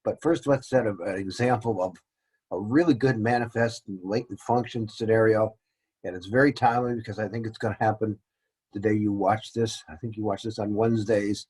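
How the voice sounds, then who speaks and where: A man's voice: lowish voice, fairly even intonation, fairly quick, darkish tone, slightly rough, low-quality recording. A man teaching a casual lesson, rambling and joking at his own expense. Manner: rambling, joking and self-deprecating. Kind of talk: casual classroom-style lecture.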